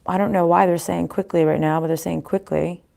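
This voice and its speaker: A woman giving a casual tarot reading to viewers, pausing to consult spirits aloud and often restarting her sentences. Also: on the low side, fairly even intonation, gravelly, warm tone. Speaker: tarot card reader.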